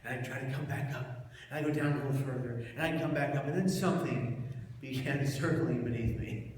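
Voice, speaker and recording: Dramatic male speaker in a booming hall. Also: a little fast. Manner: dramatic, shifts from hushed to shouting for effect. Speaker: public speaker. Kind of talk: personal storytelling talk. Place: large event hall. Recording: echoey hall, mic far off, noisy.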